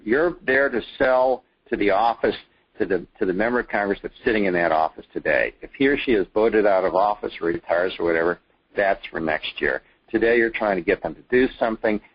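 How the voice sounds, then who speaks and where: A man gives a plainspoken presentation with folksy asides, his voice low and husky. The recording is dull and lo-fi, and the sound is dry and close. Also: fairly quick. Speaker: advocacy trainer.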